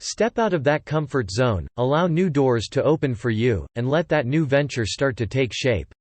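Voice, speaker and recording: A man reads out a step-by-step tutorial in short, plain sentences. His pitch moves up and down a lot. The sound is close and dry, with no room echo. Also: animated, normal speed, a little mellow. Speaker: online marketing tutor. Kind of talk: scripted tutorial narration.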